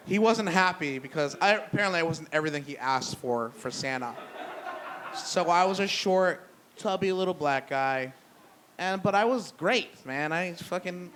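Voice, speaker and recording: A young man works a brewery crowd with a rambling stand-up set. His voice sits a touch high for a man. He curses casually, laughs at his own expense and restarts his sentences, over a faint hum of background noise. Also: fairly bright tone. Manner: profane, self-deprecating storytelling; loose, rambling delivery with restarts. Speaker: stand-up comedian. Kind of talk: stand-up comedy. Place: brewery comedy show with live audience.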